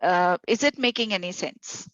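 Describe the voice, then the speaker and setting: A woman's voice: on the low side, moderate pace, no echo. A woman facilitator giving a workshop talk to volunteers over a video call, chatty and full of retold stories. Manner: conversational, with fillers and retold stories. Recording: dull dry video call audio.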